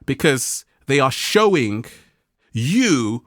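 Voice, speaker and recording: Taking his time, a man hosting a motivational vlog jokes around animatedly with viewers, laughing frequently and doing high-voiced impressions of people he quotes. The clean studio sound carries no room sound.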